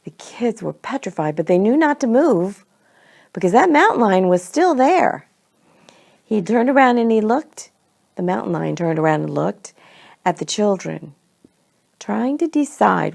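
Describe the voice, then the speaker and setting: Gravelly woman telling a family story. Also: medium pitch, big pitch swings, darkish tone. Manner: homey, unhurried, slips between we and they. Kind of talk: storytelling to children.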